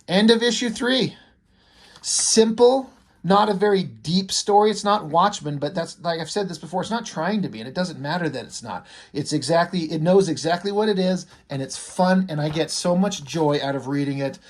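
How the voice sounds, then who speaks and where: A man talking casually and with enthusiasm as he reviews a comic, rambling a little and using lots of fillers. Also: fairly high pitch.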